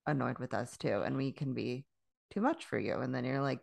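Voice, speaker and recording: A woman's voice: rumbling low, brisk, vocal fry, a little mellow. A woman co-hosting a casual chat, candid and profane, often laughing as she talks. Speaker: podcast co-host.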